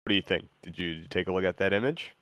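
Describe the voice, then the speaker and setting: A man hosting a show, chatting casually with an AI in a halting, easygoing way. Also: sits low, a bit bright, no echo. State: tired, yawning. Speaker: show host. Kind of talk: casual chat with an AI.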